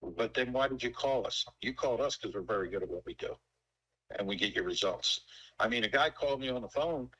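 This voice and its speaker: A man's voice: medium pitch, animated, a little fast, fairly bright tone, breathy edge, poor audio. A man in his sixties who owns a pool company, talking casually and emphatically in a folksy, storytelling way. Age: 60s. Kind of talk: casual sales call.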